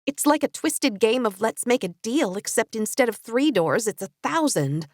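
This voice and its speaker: A woman narrator voicing a quick-witted young female adventurer in her own near-natural voice, quippy and casual. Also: on the high side, lively intonation, no room sound, clean studio sound. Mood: wry.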